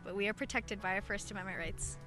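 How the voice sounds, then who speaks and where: A woman's voice: mid-range voice, steady tone, fast talker, music in the background. A teenage girl organizing a student walkout, answering interview questions earnestly with some filler uhs. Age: teens.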